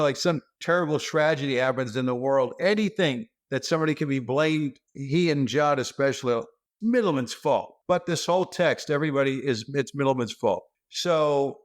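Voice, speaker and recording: A man, a stand-up comedian, telling animated, self-deprecating stories as a guest over a video call. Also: mid-range voice. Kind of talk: comic storytelling.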